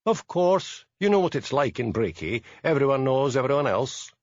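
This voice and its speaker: A man voicing a brisk, talkative older village postmistress in an audiobook. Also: medium pitch, big pitch swings, dry recording, lo-fi sound, voice pushed up, close to an everyday voice.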